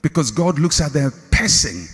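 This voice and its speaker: Husky-voiced pastor guy preaching slow, voice leaps way up and drops low, big hall echo. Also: sing-song. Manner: preaching with dramatic swings from shouts to hushed low phrases; slow, drawn-out repeated refrains. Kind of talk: sermon. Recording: long hall reverb.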